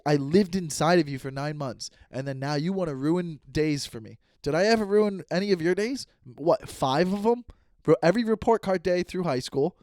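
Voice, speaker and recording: A man's voice: on the high side, darkish tone, no echo, studio quality. A man hosting a comedy podcast, ranting in an exasperated monologue and acting out both sides of conversations. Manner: ranting, exasperated, acts out voices. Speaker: podcast host. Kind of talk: comic monologue.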